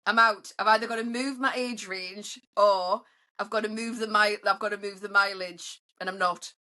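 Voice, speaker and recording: A middle-aged woman, telling cheeky stories in a casual group chat and acting out quotes in high voices. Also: steady tone, moderate pace, sharp tone. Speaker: panel member.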